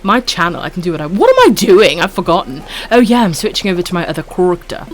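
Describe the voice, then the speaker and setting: A woman's voice: lowish voice, sing-song, fast. A woman with a Welsh accent chatting casually on a live stream while gaming, swearing freely and calling viewers love and sweetheart. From Wales.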